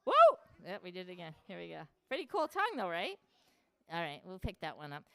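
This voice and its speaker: A woman's voice: fairly low pitch, wildly swooping pitch, fast, creaky, fairly bright tone, clear, resonant tone. A woman animal educator leading a playful live show for children, asking the kids lots of questions as she presents animals in a public hall.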